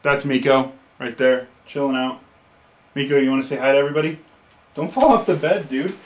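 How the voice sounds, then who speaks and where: A man's voice: medium pitch, brisk, noisy background. A man in his thirties telling random stories about himself to camera in a chatty, joking way. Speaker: vlogger. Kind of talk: casual to-camera vlog.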